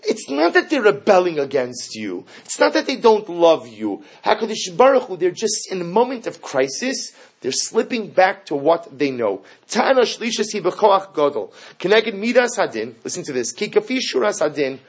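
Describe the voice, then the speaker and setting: A man teaching a Torah class in a husky, slightly raised voice. He talks in an animated way, fires off rhetorical questions and weaves Hebrew terms into his English. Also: sits high, normal speed, hardly any pauses.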